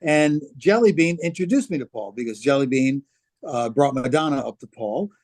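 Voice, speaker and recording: A man's voice: mid-range voice, lively intonation, moderate pace, darkish tone. A man in casual interview conversation, recalling names and places in a rambling way with many fillers. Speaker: interview guest, former record company worker.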